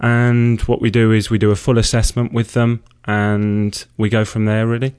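An English man in his thirties, interviewed as a guest, with a lowish voice. He speaks with earnest enthusiasm and sounds a little out of breath. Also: monotone, normal speed, a little mellow, clean tone. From England. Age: 30s. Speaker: guest, personal trainer.

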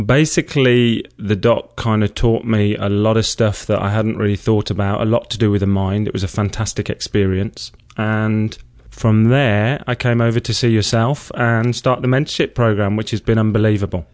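An English man in his thirties, interviewed as a guest, with a lowish voice. He speaks with earnest enthusiasm and sounds a little out of breath. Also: fairly even intonation, normal speed, few pauses, darkish tone. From England. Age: 30s. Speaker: guest, personal trainer.

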